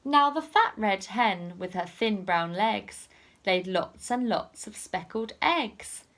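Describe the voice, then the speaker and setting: Slow sing-song woman teacher. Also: mid-range voice, lively intonation, fairly bright tone. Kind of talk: reading a picture book to children.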